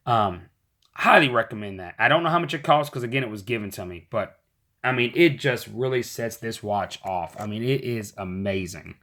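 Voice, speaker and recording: A hoarse man chats through a gadget review. His voice is slightly screechy and breaks now and then. He rambles, stacking fillers and restarting his sentences. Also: on the low side, moderate pace, fairly bright tone. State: hoarse, voice going in and out. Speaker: tech reviewer. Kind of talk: casual product review.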